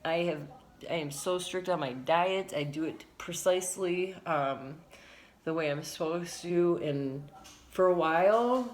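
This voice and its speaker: A woman's voice: lowish voice, unhurried. A woman talking frankly and at length in a personal vlog, rambling, repeating herself for emphasis, and swearing now and then. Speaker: vlogger.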